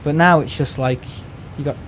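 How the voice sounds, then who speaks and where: A man from the United Kingdom rants casually during a live stream, rambling and exasperated, swearing freely and restarting words. His voice is on the high side at a moderate pace, with slight background noise.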